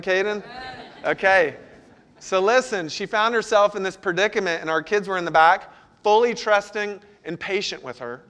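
A man's voice: high-pitched, a bit bright. A middle-aged man, a pastor, preaching a sermon with a personal story, talking conversationally and asking the congregation questions.

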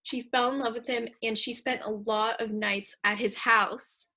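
A teenage girl co-hosts a podcast in a slightly high, breathy voice. She tells the story in a chatty, giggly way and often checks in with her guest. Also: steady tone, a little slow, bright, forceful tone. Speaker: podcast co-host. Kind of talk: casual chat.

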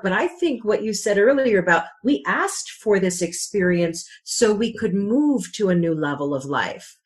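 A woman hosting a podcast interview, asking reflective, measured questions. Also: mid-range voice, animated. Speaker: podcast host.

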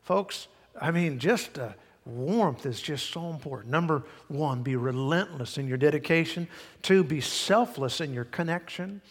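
Male pastor, higher-pitched voice, folksy emphatic sermon delivery, church hall reverb. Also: animated, unhurried, husky. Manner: folksy, emphatic preaching with many asides. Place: church sanctuary.

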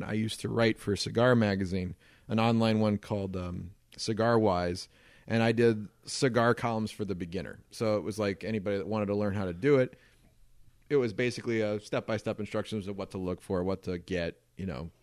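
A man's voice: lowish voice, dry recording, studio quality. A man in his thirties co-hosting a podcast, telling a rambling story in casual chat with plenty of swearing. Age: 30s. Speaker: podcast co-host.

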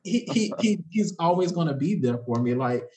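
A man talking in a casual chat among friends, halting and laughing between phrases. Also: fairly high pitch, animated, darkish tone, a little hiss or hum, low-quality recording.

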